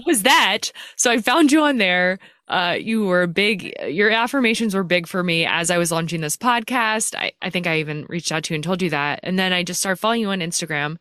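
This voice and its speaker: Female podcast host, lowish voice, dry close sound, frank and chatty. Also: moderate pace, a bit bright, dry recording. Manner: chatty, frank, laughs easily, swears casually. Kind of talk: casual interview conversation.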